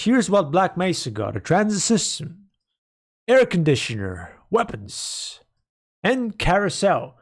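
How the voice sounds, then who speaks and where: A man streaming a game, rambling and joking as he talks to his chat and reads comments. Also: on the high side. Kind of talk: casual live-stream chat.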